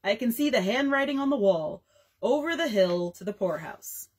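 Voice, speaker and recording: A man's voice: extremely high pitch, expressive, normal speed, breathy edge, heavily acted. A woman voicing a fussy, bossy father of twelve who teases and grumbles. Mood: mock-grumbling. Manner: blustery and teasing.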